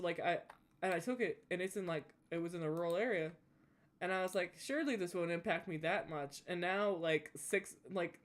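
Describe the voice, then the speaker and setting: Brief: young gamer, Southern drawl, loose rambling chat, mid-pitched voice. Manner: rambling, full of "like" and restarts. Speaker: gaming YouTuber. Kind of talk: casual chat while gaming.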